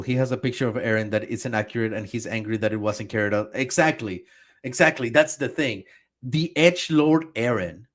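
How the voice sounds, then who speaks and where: A man streaming a reaction, talking back at a video in a heated, profane, exasperated rant. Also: mid-range voice.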